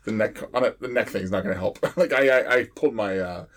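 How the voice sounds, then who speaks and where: A man who works as a firefighter, telling fire stories in a rambling, halting way with lots of pauses and laughs. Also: on the low side. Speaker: firefighter, podcast co-host. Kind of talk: casual chat.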